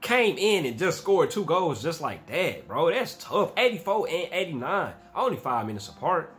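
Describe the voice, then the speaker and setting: A young man in his twenties hosting a reaction video, talking in casual slang and bursting into shouts and laughs at the highlights. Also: sing-song, normal speed, soft background music.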